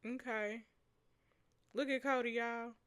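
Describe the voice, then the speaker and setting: A woman's voice: fairly high pitch, steady tone, slow pace, fairly bright tone, clean tone. Gushing, laughing woman playing a story game. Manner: gushing, laughing asides to viewers. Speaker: game streamer. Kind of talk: story game playthrough with commentary.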